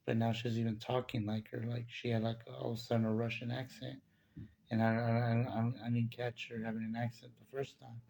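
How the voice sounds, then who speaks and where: A man's voice: mid-range voice, little pitch movement, fairly quick, vocal fry, a little mellow. A man telling a personal spiritual testimony in a casual, rambling way, with many fillers and restarts.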